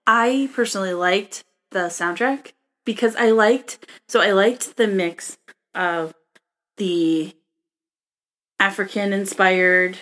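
Female podcast co-host, slow casual delivery, thinks aloud and trails off. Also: medium pitch, a bit bright. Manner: slow, searching, trails off mid-thought. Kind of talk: casual movie discussion.

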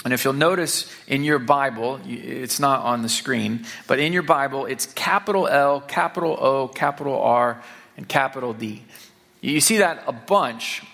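A man's voice: mid-range voice, creaky, a bit bright. Man preaching a casual, conversational sermon. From Saint Louis area, Missouri. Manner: conversational, with fillers and repeated words; reads scripture aloud, slowing for emphasis. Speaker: pastor.

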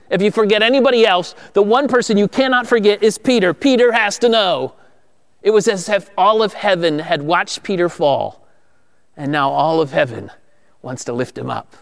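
A man's voice: high-pitched, moderate pace, gravelly. A man preaching an Easter sermon as pastor to viewers at home, emphatic and rising when he quotes.

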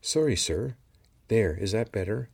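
Storybook lizard sidekick, formal and deferential, voice lifted above a man's own husky tone. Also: on the low side, lively intonation, a little slow, pitched above the performer's own voice, heavily acted. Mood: earnest, anxious. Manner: formal, deferential, calls everyone sir, no contractions. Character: polite formal male lizard companion, loyal.

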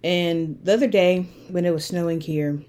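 Impassioned woman, low-pitched, solo podcast. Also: moderate pace, warm tone. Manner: earnest, impassioned, rising to anger. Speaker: podcast host. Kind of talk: reflective solo podcast monologue.

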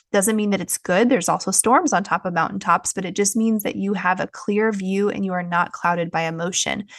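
A woman's voice: mid-range voice, no echo, studio quality. A woman, hosting a podcast and telling a personal story in a frank, chatty way with many fillers. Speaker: podcast host. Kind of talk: candid personal podcast talk.

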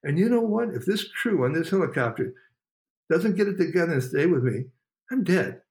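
A man's voice: a little high, lively intonation, fairly quick, a little mellow. A man, a motivational speaker, telling a personal story in an interview with an earnest, emphatic delivery that repeats phrases.

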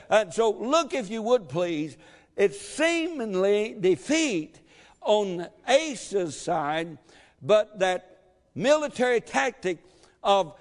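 High-voiced preacher in a reverberant church. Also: male voice. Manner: emphatic, calls for amens, shouts at peaks. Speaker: pastor. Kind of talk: sermon. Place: church sanctuary. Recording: long reverb of a church hall.

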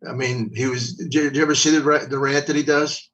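Rambling older comedian from Philly. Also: male voice, medium pitch, fairly even intonation, fast talker, fairly bright tone, lo-fi sound. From Philadelphia. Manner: rambling, repeats words, profane. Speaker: guest comedian. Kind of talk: casual storytelling. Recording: voice from a distance.

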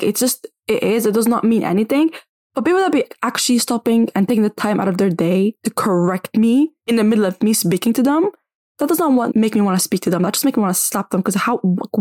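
A young woman vlogger ranting casually to camera, blunt and animated, with "like" in almost every phrase. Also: mid-range voice, no room sound, studio quality. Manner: blunt, animated, says "like" constantly.

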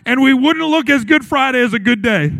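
High-voiced man preaching with feeling. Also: expressive, fairly quick, vocal fry, bright, forceful tone. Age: adult, recalls his childhood. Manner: earnest, acts out quotes with shifts in voice. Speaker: pastor. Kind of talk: sermon.

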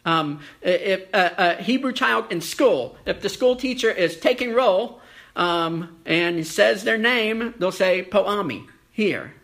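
A preacher giving a sermon, telling a folksy story with lots of ums and uhs and slowing down for emphasis. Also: medium pitch, vocal fry, fairly bright tone. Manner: folksy storytelling with many fillers; slows down for emphasis.

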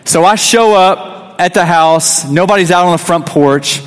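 Youth pastor in his thirties, slightly high voice, casual storytelling sermon in a reverberant church. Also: unhurried, clean tone. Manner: conversational, restarts often, acts out quotes. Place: church sanctuary.

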